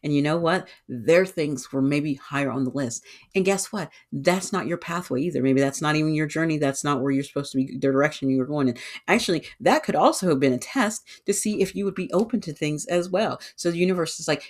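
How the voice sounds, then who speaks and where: A woman talks on her own podcast in a relaxed, unscripted way. She is lively and often slips into little acted-out voices of her own thoughts. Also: low-pitched, brisk. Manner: animated, acts out her own inner voices. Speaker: podcast host and tarot reader. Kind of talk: casual solo podcast talk.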